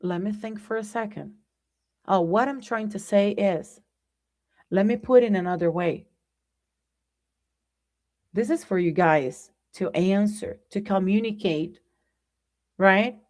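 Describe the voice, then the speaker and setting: A woman with a Brazilian Portuguese accent hosts a live-streamed English lesson, speaking slowly with long pauses in a darkish, mid-range voice. She chats conversationally, calls her viewers "guys," and keeps checking in with "right?"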